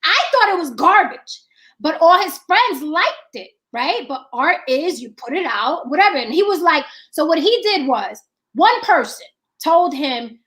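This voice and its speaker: A woman with a high voice chatting casually about making films. She talks bluntly and profanely, hammering her points with repetition. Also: sing-song, a little slow, fairly bright tone. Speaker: filmmaker. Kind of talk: casual chat.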